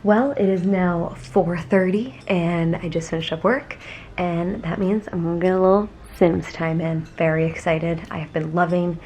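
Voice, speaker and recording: Young woman, casual home vlog, chatty, laughs a lot, slightly low voice, faint hiss behind. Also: steady tone, moderate pace. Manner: chatty, laughs often, trails off into soft murmurs. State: teary from crying. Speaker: vlogger. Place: home, indoors.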